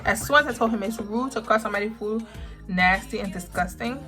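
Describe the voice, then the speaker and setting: A young woman vlogger telling a personal story with emphatic, drawn-out words. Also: on the high side, music in the background. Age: young adult. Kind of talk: storytime vlog.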